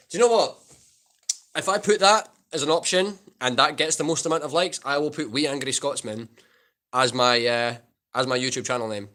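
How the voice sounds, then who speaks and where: A man's voice: mid-range voice, sharp tone. A man chatting casually on a live stream, rambling as he answers viewers in the chat. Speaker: guitar YouTuber live streamer.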